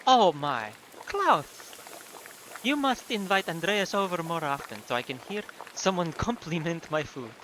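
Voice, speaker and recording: A cheerful middle-aged housewife in a video game who fusses happily over her guests, put on by a man. The voice is pitched up high and sounds bright and eager. She delights in any praise. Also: lively intonation, a little slow, slight background noise. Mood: delighted.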